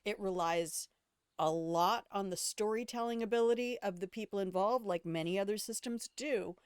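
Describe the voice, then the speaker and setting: A woman's voice: medium pitch, moderate pace, clear, resonant tone, dry recording, clean studio sound. An older woman chatting casually while streaming a game, blunt and opinionated, swearing freely and rambling from one aside to the next. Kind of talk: casual gameplay commentary.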